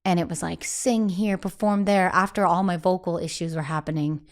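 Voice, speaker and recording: A woman singer speaks at a moderate pace in a lowish voice during a casual interview. Candid and chatty, she mimics the voices of those she quotes and fills her sentences with "like."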